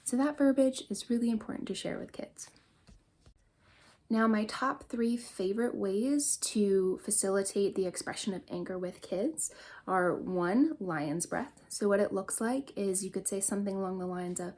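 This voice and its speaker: Brief: young woman, workshop leader for caregivers, earnest and encouraging, mid-pitched voice, talks listeners through each exercise. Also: moderate pace, darkish tone. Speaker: parenting workshop host. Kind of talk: instructional workshop talk.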